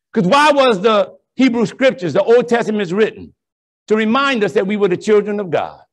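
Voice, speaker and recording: On stage in a big conference ballroom, a high-voiced priest gives a keynote built on storytelling. His manner is lively and sermon-like, swinging from crisp, bright lines to slow, low punchlines while he performs each quoted voice.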